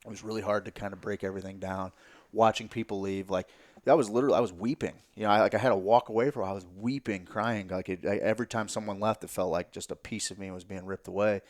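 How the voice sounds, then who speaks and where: A man telling a story as a podcast guest in casual, animated talk, swearing freely and sometimes dropping to a near-whisper. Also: on the low side, fast.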